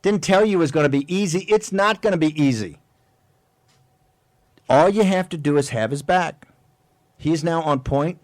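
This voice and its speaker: A man hosting a political talk radio show, talking in an emphatic, fiery way with rapid-fire rhetorical questions. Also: a little high, dry recording. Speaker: host.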